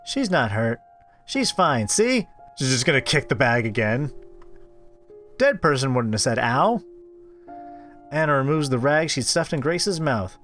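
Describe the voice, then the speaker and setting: A man's voice: medium pitch, big pitch swings, unhurried, pauses often, fairly bright tone, soft background music. A man voicing a sweetly menacing young female stalker with a cloying, singsong manner. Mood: mock-cheerful. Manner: cloying, singsong, mock-cheerful. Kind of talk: voice-acting a visual novel.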